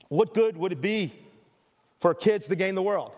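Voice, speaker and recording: A middle-aged male pastor preaches a sermon in a church hall, his voice sitting high with a darkish tone at a normal speed. He is earnest and emphatic, stammering into restarts and repeating phrases, and the recording carries the hall's reverberation.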